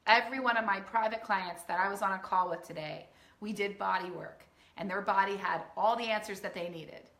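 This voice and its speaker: A woman's voice: mid-range voice, fairly quick, fairly bright tone, roomy sound. A woman weight-loss coach speaking to a live online audience in an earnest, emphatic way, often acting out the voices in people's heads. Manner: earnest, emphatic, acts out quoted inner voices. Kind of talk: live-streamed coaching talk.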